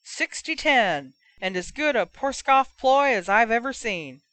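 A woman voicing a lively sports commentator calling the match. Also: medium pitch, a little slow, smooth, no room sound, voice pushed up. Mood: announcing. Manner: announcing, enthusiastic.

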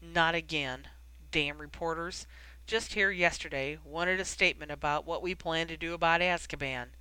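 A weary middle-aged wizard official, worn down by his work, who grumbles his way through his complaints with a dry, wry edge, as the audiobook reader puts him on. The voice is bright and crisp and sounds dry and close. He talks briskly, as if he is always pressed for time. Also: mid-range voice, dry recording, lightly acted, poor audio.

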